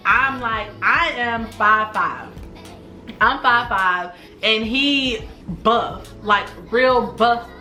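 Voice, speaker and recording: A woman telling a personal story to her viewers in a casual storytime vlog, animated and slangy, talking straight to the camera. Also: a little high. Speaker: storytime YouTuber. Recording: echoey room.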